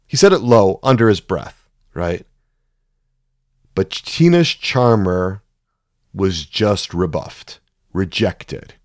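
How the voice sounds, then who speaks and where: A man's voice: lowish voice, sing-song, slow, a little mellow, dry recording, clean studio sound. A man teaching through a case story. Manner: storytelling, often checks in with "right?". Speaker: psychotherapy teacher.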